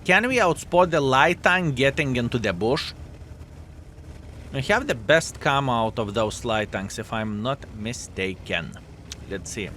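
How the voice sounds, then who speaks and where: A man with a Lithuanian accent doing lively, playful gameplay commentary and talking straight to his viewers. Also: mid-range voice, slight background noise. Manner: animated, playful, addresses viewers as fellas. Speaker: gaming YouTuber.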